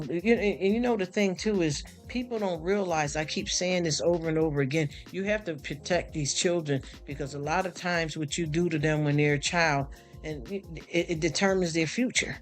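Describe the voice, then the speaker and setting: Stream host, male, AAVE speech, emotional and sympathetic, higher-pitched voice, faint music underneath. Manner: emotional, sympathetic, repeats himself with many restarts. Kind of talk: casual live stream chat. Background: soft background music.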